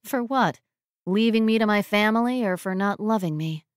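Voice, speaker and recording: A woman voicing a sardonic young woman with a dry, deadpan wit. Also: medium pitch, moderate pace, smooth, dry recording, close to an everyday voice.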